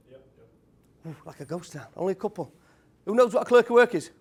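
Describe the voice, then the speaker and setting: A British man in his thirties, a former tradesman giving an energetic motivational talk to a live audience and quizzing the crowd. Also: sits high, fast talker, husky. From United Kingdom. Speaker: speaker at a property event.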